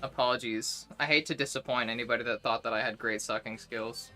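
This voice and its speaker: A young woman talks loosely to her live-stream viewers, greeting them by name and trading crude jokes. Her voice is bright and forward, and faint music plays in the background. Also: very deep voice, fairly even intonation, brisk. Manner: chatty, greets viewers one by one, jokey and crude. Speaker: livestreamer. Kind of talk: casual live-stream chat.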